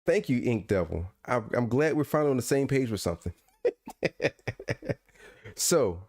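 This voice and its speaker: In a casual podcast conversation, this co-host speaks with a mid-range voice at a moderate pace. He's animated, telling stories and ranting playfully, and he often repeats himself or begins again.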